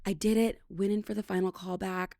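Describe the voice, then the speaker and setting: A woman from British Columbia hosting her show, telling a story in a chatty, animated way. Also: medium pitch, fairly quick, creaky, no echo, clean studio sound. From British Columbia, Canada. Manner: chatty and animated, acts out quotes. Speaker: podcast host. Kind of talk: casual storytelling monologue.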